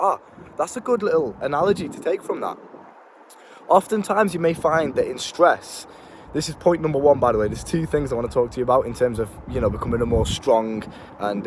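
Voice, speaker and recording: Medium-pitched and quick, a young man coaches viewers on self-improvement in a casual talk to camera outdoors in town. His style is blunt and full of slang and swearing, with repeated words and faint street noise behind him.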